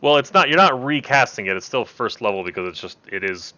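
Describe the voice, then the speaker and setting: A man hosting a tabletop session as game master, reading rules aloud and pausing on his fillers. His voice is bright and swings widely in pitch. The call audio is dull and lo-fi. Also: expressive.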